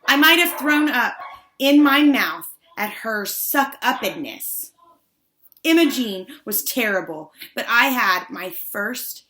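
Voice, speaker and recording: A woman reading first-person audiobook narration with wry, deadpan asides. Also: on the high side, slow pace.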